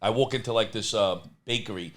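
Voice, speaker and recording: A man's voice: fairly low pitch, fairly quick. A man, a podcast guest rambling in brash casual chat and swearing freely.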